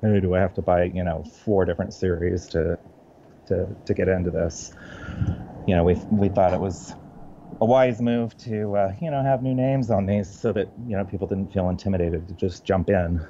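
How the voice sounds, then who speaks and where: A man's voice: sits low, warm tone, highs cut off, slight background noise. A man, a comic book writer, talking casually in an interview, often restarting his sentences. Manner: halting, many restarts and fillers.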